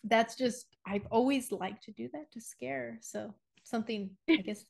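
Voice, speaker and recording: Lively, laughing woman telling stories. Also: on the high side, measured pace, vocal fry. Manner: animated storyteller, laughs often, acts out scares. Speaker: podcast co-host. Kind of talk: casual chat.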